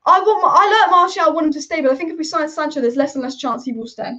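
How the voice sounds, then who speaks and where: High-voiced woman ranting about football. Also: fast, sharp tone. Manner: opinionated, rambling, passionate. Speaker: football channel host. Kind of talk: live-stream chat reading viewer comments. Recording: dull lo-fi stream audio.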